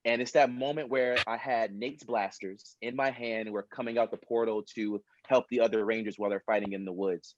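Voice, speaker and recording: A man on a panel, chatting in an animated, storytelling way over a video call. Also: lowish voice, brisk, few pauses, no room sound, highs cut off. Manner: animated, storytelling, often says "literally". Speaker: actor on a fan convention panel. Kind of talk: casual panel chat.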